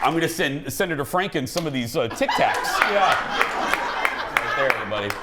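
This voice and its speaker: A man's voice: medium pitch, brisk, heavy background noise. A man hosting a talk show, chatting loosely about entertainment news with frequent restarts. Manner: animated and rambling, with frequent restarts. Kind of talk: casual entertainment news chat.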